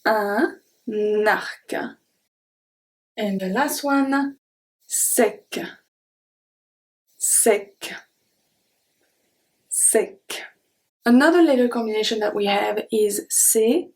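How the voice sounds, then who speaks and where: A young woman with a French accent teaching French pronunciation, repeating each example word slowly and clearly. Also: mid-range voice, rough recording. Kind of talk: pronunciation lesson.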